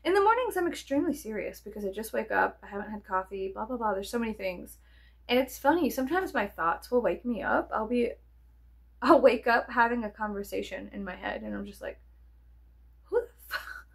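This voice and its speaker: Gravelly-voiced woman rambling playfully to camera. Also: mid-range voice, expressive, brisk. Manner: playful, swears often, jumps between whispers and sudden squeals. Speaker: vlogger. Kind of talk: rambling casual chat to camera.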